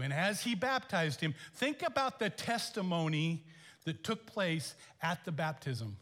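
Animated preaching man, echoey hall. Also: high-pitched. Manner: animated, with chuckles and emphatic questions. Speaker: pastor. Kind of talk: sermon.

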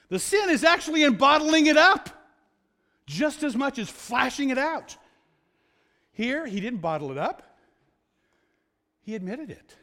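A male pastor preaching a sermon in a conversational way, asking rhetorical questions and slowing down to stress key words. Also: very high voice, very animated, sharp tone.

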